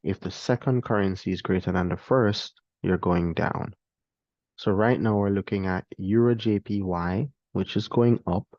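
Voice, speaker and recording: A man explaining a trading strategy to viewers in a relaxed, talkative way, addressing them directly. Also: low-pitched, normal speed, no echo, lo-fi sound. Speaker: trading instructor. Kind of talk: screen-share trading lesson.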